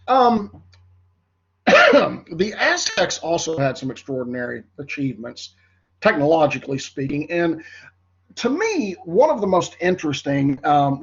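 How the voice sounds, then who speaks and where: A man's voice: on the high side, a bit bright, breathy edge, highs cut off. A man with a congested, nasal voice teaching a history class in a rambling lecture, full of fillers. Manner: rambling, filler-heavy, addresses class as folks. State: congested, voice cracking.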